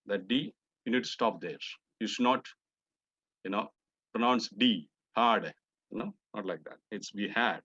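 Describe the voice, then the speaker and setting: A man's voice: medium pitch, animated, unhurried, pauses often, bright, forceful tone, no room sound, dull audio. A man with an Indian English accent reports as a club's pronunciation master, with many "uh" fillers and repeated drilled words. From Indian subcontinent. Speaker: pronunciation master at a club meeting. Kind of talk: meeting report, correcting pronunciations.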